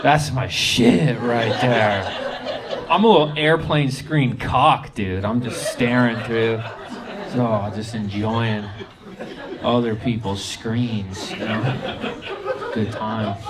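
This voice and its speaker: A man's voice: mid-range voice, takes it slowly. A man doing a brash, crude stand-up set on a comedy club stage, telling stories and acting out what people said to him. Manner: brash, crude storytelling with acted-out quotes. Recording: loud crowd laughter in a comedy club.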